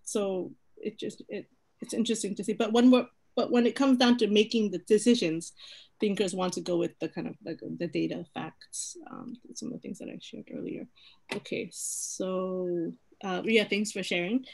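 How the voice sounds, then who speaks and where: A woman's voice: medium pitch, fairly even intonation, moderate pace, creaky, a little mellow. A woman leading an online personality-type workshop over a video call, talking in a chatty, hesitant way with many fillers and restarts.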